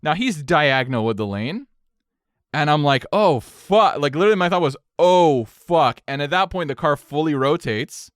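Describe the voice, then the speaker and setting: A young man tells a wild story on a podcast, casual and loose with his language. His voice is smooth and clear, and it sits in a dry, close-miked room. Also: fairly high pitch, a little fast, no room sound. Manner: animated, profane storytelling with swings in energy. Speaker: podcast co-host.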